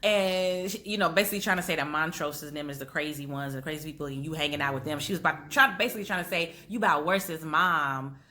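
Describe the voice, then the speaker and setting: A woman's voice: deep voice, quick pace, hardly any pauses, bright, forceful tone. A woman chatting casually through a TV episode recap, animatedly acting out the characters' lines. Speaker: recap host.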